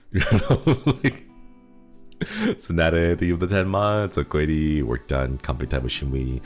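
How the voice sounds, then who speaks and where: A man's voice: rumbling low, sing-song, takes it slowly, pauses often, faint music behind. A male streamer chatting casually with viewers, rambling and laughing often as he thanks supporters.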